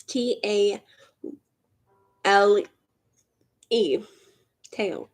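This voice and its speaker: A woman's voice: mid-range voice, expressive, a little slow, pauses often, darkish tone. A woman from Mississippi with a Southern accent, chatting casually and rambling while she beads on a livestream. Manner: rambling, offhand, swears casually. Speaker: livestream host. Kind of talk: casual chat while beading.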